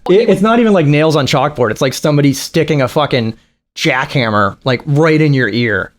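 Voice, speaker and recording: A man's voice: on the high side, lively intonation, brisk. A man giving casual, crude, mocking reaction commentary with frequent laughing asides.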